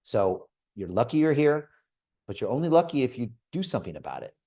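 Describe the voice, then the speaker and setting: On a group video call, a man in his fifties hosts a crypto investment club and delivers a motivational sales pitch. He speaks a little fast in a direct, energetic way, repeatedly addressing his listeners as folks.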